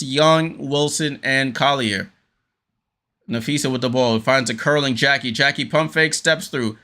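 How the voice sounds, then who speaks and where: A man hosting a casual fan watchalong, calling the game play by play with frequent fillers and sudden jumps of excitement on big plays. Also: mid-range voice. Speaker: host.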